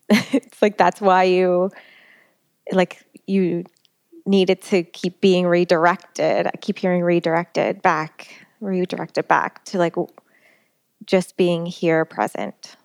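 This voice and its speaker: A woman guest on a podcast, speaking in a hesitant, soft and reflective way. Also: fairly low pitch, level tone, slow pace, gravelly, pauses often, smooth, no echo, studio quality. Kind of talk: casual conversational interview.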